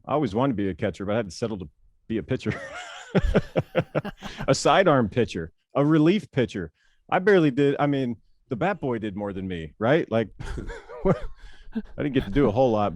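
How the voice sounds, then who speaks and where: Guest: playful, animated male storyteller, mid-pitched, dry close mic. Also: no echo. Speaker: guest, former pitcher and broadcaster. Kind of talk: casual interview storytelling.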